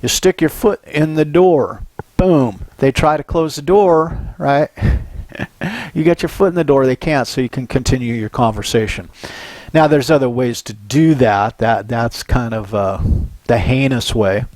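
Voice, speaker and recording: An older man from Southern California giving a psychology lecture, telling animated personal stories and often checking in with "right?". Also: medium pitch, a little slow, no room sound. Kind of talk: recorded university lecture.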